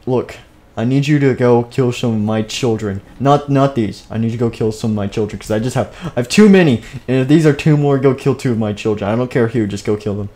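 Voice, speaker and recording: A man's voice: medium pitch, a little fast, dark tone, natural voice. Man as stammering king Springtrap. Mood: flustered. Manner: stammering, flustered, blunt. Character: flustered rambling male animatronic king.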